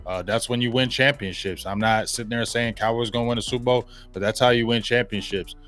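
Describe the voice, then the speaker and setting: A man hosting a sports podcast, talking in a casual, slangy, animated way and laughing often. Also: medium pitch, a little fast, soft background music. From Ohio. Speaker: podcast host.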